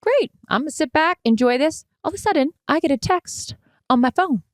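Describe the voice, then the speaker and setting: A woman's voice: high voice, animated, fairly quick, no room sound, studio quality. A woman co-hosting a podcast in casual chat, telling a story with lots of energy and the odd swear word. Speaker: podcast co-host.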